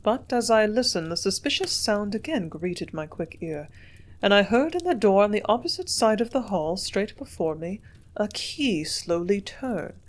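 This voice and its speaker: Woman narrating a classic novel, measured. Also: medium pitch, sing-song. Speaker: audiobook reader.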